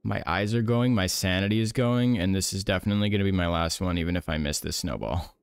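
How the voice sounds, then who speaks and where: Soft-spoken man with a gravelly voice. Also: sits low, fast, dry recording. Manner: quiet, gentle self-talk with casual swearing. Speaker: game streamer. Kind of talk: soft-spoken ASMR gameplay commentary.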